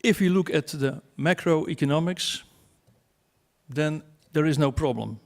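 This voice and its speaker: A man's voice: fairly high pitch, a little slow, vocal fry. Wry man speaking at a conference. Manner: wry, self-mocking, with asides and rhetorical questions. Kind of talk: conference talk to an audience. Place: conference hall.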